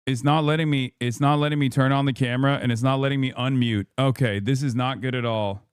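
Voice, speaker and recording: Man, livestream host, frustrated, profane, talking through tech trouble, clear voice. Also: medium pitch, fairly even intonation, fast talker, dry recording, studio quality. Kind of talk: live stream chat with viewers.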